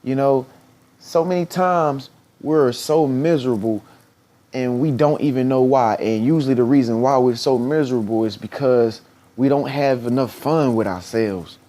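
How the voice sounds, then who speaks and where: A man's voice: normal speed, dark tone. Earnest man giving a motivational talk. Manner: earnest and preachy, repeating phrases for emphasis; acts out quoted voices in a high squeaky tone. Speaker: motivational speaker.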